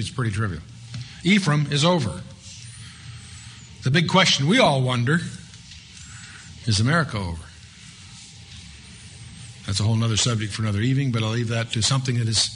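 A man teaches an evening Bible study in an easy, conversational tone. His voice is bright and sits at a middle pitch. A faint hiss of background noise runs under the recording. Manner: conversational, reads scripture aloud with rising emphasis.

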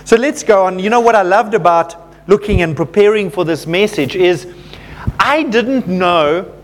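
A man preaching a sermon to his congregation, telling stories in a relaxed, conversational way, full of fillers and self-deprecating asides. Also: sits high, moderate pace. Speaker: pastor.

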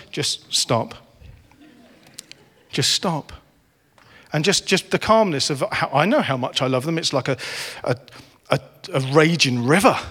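A man's voice: fairly high pitch, fairly bright tone. Middle-aged guy preaching, earnest, gets fired up, long echo in a church hall. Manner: earnest, builds to impassioned. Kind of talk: sermon. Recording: reverberant hall.

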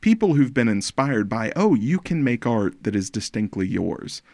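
A man's voice: mid-range voice, sing-song, moderate pace, vocal fry, a little mellow, no echo. A man in his forties hosting a casual film podcast, playful and teasing, talking at length with little restarts. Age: 40s. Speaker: podcast host.

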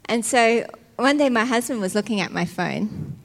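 Woman preaching, fervent and chatty, higher voice, long echoey hall reverb. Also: lively intonation, moderate pace, vocal fry, few pauses. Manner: emotional, fervent, conversational. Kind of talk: sermon.

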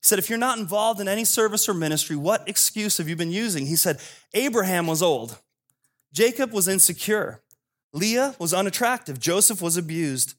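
A man preaching a sermon, retelling a parable as a modern story with acted dialogue and casual asides. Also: high voice. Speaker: pastor.

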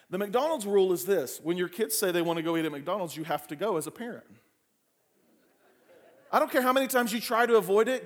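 A male pastor preaching a sermon, telling family stories with humor and lively asides. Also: sits high. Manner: frequent fillers and restarts in anecdotes.

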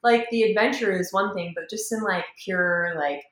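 A woman guest on a podcast, loud and lively as she talks about her family's life. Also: medium pitch, moderate pace. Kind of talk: casual podcast chat. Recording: echoey room.

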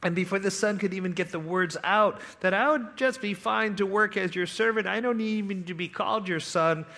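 A man preaching a sermon, telling a parable with dramatic swings between hushed, quiet lines and loud, eager ones. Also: high voice, a little fast. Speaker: pastor.

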